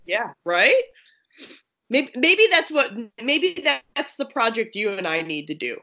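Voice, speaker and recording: A woman co-hosting a casual review chat, out of breath from being sick, talking quickly with many restarts. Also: a little high, very animated, sharp tone. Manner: rapid, rambling, lots of restarts and fillers. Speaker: podcast co-host reviewing a game book. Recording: slightly muffled lo-fi audio.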